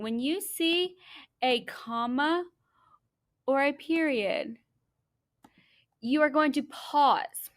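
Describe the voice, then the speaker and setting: A young adult woman teaching a class, explaining step by step and reading a story aloud slowly and deliberately in an encouraging way. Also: sits high.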